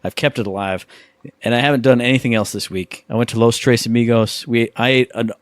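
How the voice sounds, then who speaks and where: A man hosting a casual podcast who tells jokes and stories. His pitch is mid-range, and the recording is dry and close. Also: steady tone, brisk, no room sound. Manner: joking storyteller. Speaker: podcast host. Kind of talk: casual chat.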